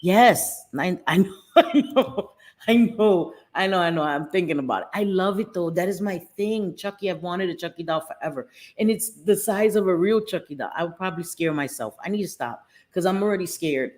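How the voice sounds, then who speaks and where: A woman's voice: fairly low pitch, a little fast, few pauses, darkish tone. A middle-aged woman hosting a casual livestream from her home, talking to viewers by name and cursing freely. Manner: chatty, swears freely, talks to viewers by name. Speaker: livestream host.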